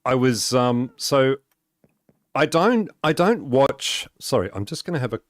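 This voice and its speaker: A man chats his way through a gaming live stream at a slow, unhurried pace. He rambles, restarts his sentences and keeps breaking into little chuckles. His voice sits mid-pitch and sounds dry and close to the mic. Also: big pitch swings, no room sound. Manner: rambling, with many fillers and restarts; chuckles often while talking.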